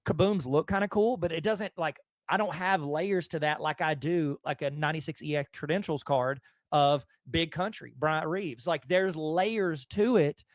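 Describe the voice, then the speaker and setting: Man, Southern US accent, host, enthusiastic storyteller, high-ish voice, dry close sound. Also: moderate pace, hardly any pauses, no room sound. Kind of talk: casual conversation.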